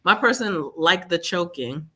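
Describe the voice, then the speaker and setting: A woman guest telling her own story in a live interview, animated and acting out what others said. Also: on the low side, unhurried.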